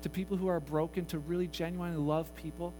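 High-voiced man preaching a story. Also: quick pace, slight background noise, low-quality recording. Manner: animated, acts out voices in the story. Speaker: pastor. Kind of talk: sermon storytelling.

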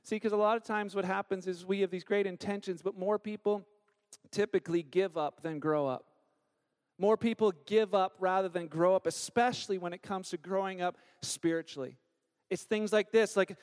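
A man in his thirties preaching a sermon as a pastor, telling stories with animated acted-out quotes. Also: sits high, moderate pace. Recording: long hall reverb.

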